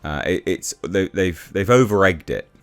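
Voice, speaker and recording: A man's voice: sits low, lively intonation, moderate pace, clean tone, soft background music. A man giving a blunt, exasperated casual review rant, with frequent restarts and swearing.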